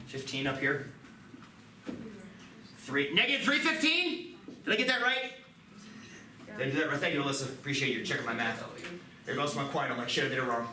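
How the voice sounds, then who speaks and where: A man teaching a math class, lively and joking, with quick asides to his students. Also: medium pitch. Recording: roomy classroom, mic at a distance, background noise.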